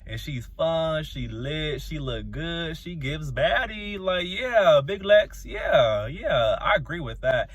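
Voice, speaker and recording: A man hosting his channel, giving a sassy, slangy, dramatic recap of a reality show episode, with sudden high squeals. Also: animated, slow pace, few pauses, breathy edge, no echo.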